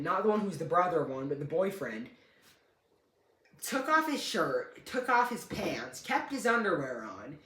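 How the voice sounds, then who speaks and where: A man's voice: sits high, fairly bright tone. A young man casually telling a story, rambling and correcting himself, with a dry, joking humor. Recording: echoey room.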